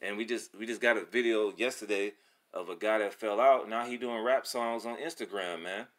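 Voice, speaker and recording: A man with a lowish voice preaches from scripture in a loose, excited street style. He swears freely and keeps calling his listeners "man." His delivery jumps between calm reading and fired-up exhortation. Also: normal speed. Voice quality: profane, slangy speech. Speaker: religious video presenter. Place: Atlanta.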